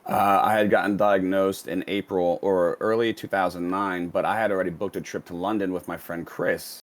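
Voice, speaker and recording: A man's voice: deep voice, steady tone, moderate pace. A man being interviewed as a guest, telling a long story casually, with many fillers and restarts. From United States.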